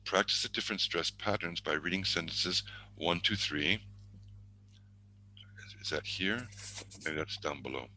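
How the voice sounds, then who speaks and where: A man teaching an online exam-prep lesson, speaking through a computer mic on a video call. His voice sits very low, yet it has a sharp, bright edge. He thinks aloud, drops into murmured asides and corrects himself mid-sentence. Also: a little slow, long pauses, slight background noise, low-quality recording.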